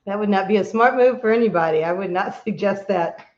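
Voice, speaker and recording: A woman co-hosting a live-stream chat, chatty and quick to laugh. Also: medium pitch. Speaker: co-host of a motorcycle travel channel. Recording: dull lo-fi sound.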